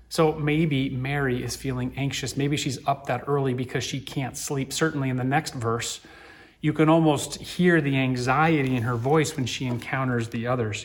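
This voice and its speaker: Gentle, earnest male pastor preaching. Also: mid-range voice. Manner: gentle, reflective, builds to earnest emphasis. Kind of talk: sermon.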